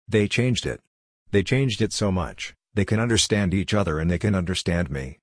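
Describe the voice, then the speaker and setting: A man's voice: deep voice, animated, moderate pace, dry recording, clean studio sound. A middle-aged man giving an earnest, explanatory public talk and asking the audience questions. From Canada. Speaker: speaker.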